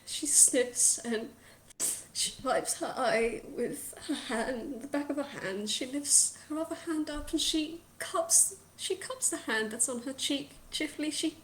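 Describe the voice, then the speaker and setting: Emotive woman game master narrating at home; higher voice, roomy recording. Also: unhurried, a little hiss or hum. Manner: descriptive, laughs easily, emotive.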